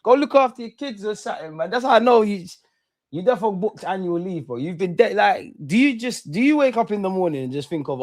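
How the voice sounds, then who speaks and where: A young man hosting a live football watch-along, talking in slang, animated and prone to bursts of excitement. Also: sits high, quick pace.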